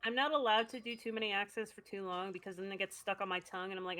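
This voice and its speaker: A woman's voice: mid-range voice, flat delivery, pushed and bright. Chatty laughing woman player. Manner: chatty, laughing, quick asides. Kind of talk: casual chat at a tabletop game.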